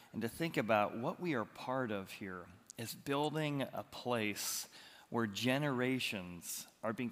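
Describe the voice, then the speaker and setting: A man preaching a sermon as the pastor, telling stories with lively, animated bursts of loud excitement. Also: mid-range voice. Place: church auditorium. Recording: long reverb of a large hall.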